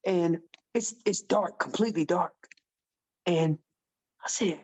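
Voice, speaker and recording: A man guest on a podcast, telling a hunting story in a casual, animated way and acting out the dialogue. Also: high-pitched, moderate pace, pauses often. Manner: animated storyteller who acts out quoted dialogue. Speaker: podcast guest, elk calling champion.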